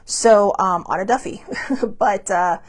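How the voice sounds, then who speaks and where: A woman's voice: mid-range voice, slow, slightly rough. A woman hosting a podcast, chatting casually and rambling through stories with lots of asides. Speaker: podcast host. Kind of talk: casual storytelling monologue.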